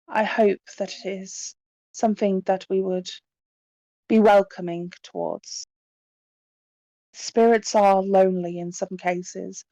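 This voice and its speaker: A woman voicing a solemn female spirit medium who leads a séance in a tabletop game, speaking gravely and pleadingly. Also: mid-range voice, mellow, dry recording, dull audio.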